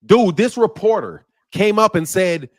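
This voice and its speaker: Animated higher-voiced man hosting. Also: a little slow, no room sound, clean studio sound. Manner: animated, swears, reads viewer super chats. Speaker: boxing channel host. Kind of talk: casual panel chat.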